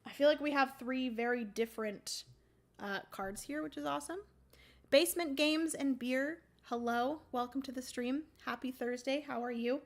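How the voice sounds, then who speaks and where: Chatty and thinking aloud, a high-pitched woman explains board game rules on her livestream at a moderate pace, with plenty of ums. She has a throaty morning voice that she clears again and again.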